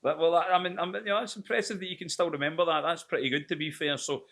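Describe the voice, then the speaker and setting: Bright, chatty man. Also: on the high side, steady tone, fast, creaky. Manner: jokey, chatty, teasing. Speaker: club media interviewer. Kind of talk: casual interview chat.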